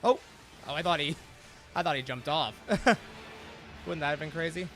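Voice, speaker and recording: A man's voice: a little high, moderate pace, a bit bright, soft background music. A man giving casual gameplay commentary, chatty and laughing often, talking back at the game. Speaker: gameplay streamer.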